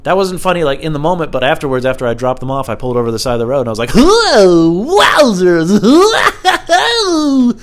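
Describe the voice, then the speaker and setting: A man talks alone into a small lapel mic in his living room, drifting from thought to thought. His delivery is loose and self-deprecating, peppered with fillers, at an ordinary pitch for a man. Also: steady tone, racing, hardly any pauses. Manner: rambling, self-deprecating, heavy use of filler words. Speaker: podcast host. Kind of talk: rambling solo podcast monologue.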